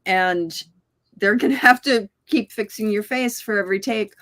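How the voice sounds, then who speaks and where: A woman, an actor guest on an interview show, explaining her approach in a measured way. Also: medium pitch, fairly bright tone. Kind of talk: casual chat.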